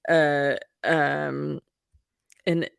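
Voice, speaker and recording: A woman with a somewhat low voice co-hosts a podcast in casual chat. She thinks aloud and searches for her words as she goes. The sound is dry and close. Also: flat delivery, drawn-out words, creaky, clean tone, dry recording. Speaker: podcast co-host.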